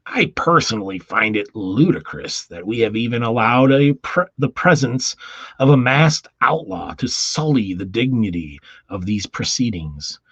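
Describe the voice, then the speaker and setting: A man's voice: mid-range voice, animated, a little slow, fairly bright tone, husky, dry recording, lo-fi sound, pitched above the performer's own voice, exaggerated voice. A man reading comic panels aloud, voicing a pompous male official who speaks in a formal, indignant way.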